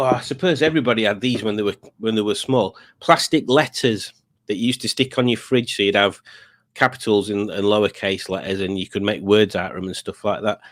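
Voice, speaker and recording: On a home live stream, a middle-aged man chats casually, rambling along and making fun of himself. His voice sits fairly low with a fairly bright tone.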